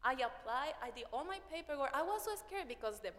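A woman's voice: high voice, brisk. A young woman from Venezuela, a native Spanish speaker with a Venezuelan accent, telling her story as a university student and acting out what people said to her. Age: young adult. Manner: animated, acts out what people said. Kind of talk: personal storytelling. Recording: long hall reverb.

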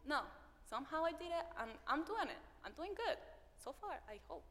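A woman's voice: high-pitched, normal speed. A young woman from Venezuela, a native Spanish speaker with a Venezuelan accent, telling her story as a university student and acting out what people said to her. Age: young adult. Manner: animated, acts out what people said. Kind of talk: personal storytelling. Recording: long hall reverb.

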